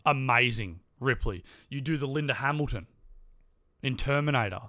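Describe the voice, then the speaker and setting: A man's voice: mid-range voice, moderate pace, pushed and bright, no room sound, clean studio sound. A man co-hosting a casual chat, blunt and teasing. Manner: blunt, teasing, forgets names. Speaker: podcast co-host.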